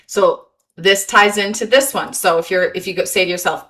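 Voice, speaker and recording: A woman's voice: medium pitch, moderate pace, pushed and bright. A woman presenting a motivational webinar, encouraging and repeating key phrases, reading chat comments aloud over a video call.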